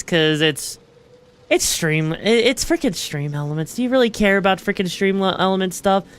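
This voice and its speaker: Rambling, animated woman streamer. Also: medium pitch, clean tone. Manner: rambling, filler-heavy, casual swearing. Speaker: VTuber streamer. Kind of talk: casual gaming stream chat.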